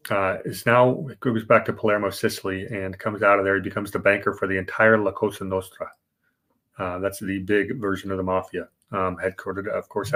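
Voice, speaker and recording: A man's voice: fairly low pitch, fairly bright tone. A man co-hosting a podcast, explaining banking history casually, with fillers and restarts. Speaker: podcast co-host.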